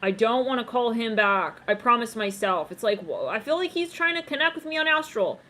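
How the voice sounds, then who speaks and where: Chatty bright-voiced woman tarot reader. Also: fairly high pitch, expressive, a little fast. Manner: rambling, laughs often, breaks into snippets of song; chatty, addresses viewers directly. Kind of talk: casual psychic tarot reading.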